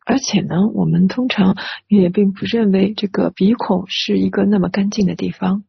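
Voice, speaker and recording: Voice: medium pitch, steady tone, moderate pace, gravelly, breathy edge, dry recording. An interpreter rendering a sermon phrase by phrase, hesitant with many filler sounds, on a dry, dull lo-fi recording.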